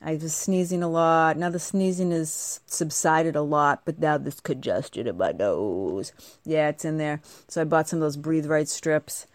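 A middle-aged woman rambling to camera in a bubbly, chatty way, full of asides. Her voice sits on the low side and sounds a little stuffed-up and nasal from a cold. The sound is close and dry, with no room echo. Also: normal speed. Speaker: vlogger. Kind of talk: casual chatty monologue.

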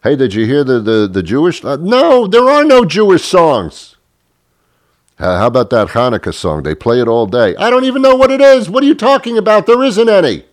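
A man's voice: high voice, wildly swooping pitch, moderate pace, dry recording, clean studio sound. A male radio host delivering a comic monologue, rambling and stammering and poking fun at himself. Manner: rambling, stammering, self-mocking. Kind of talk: comedic talk radio monologue.

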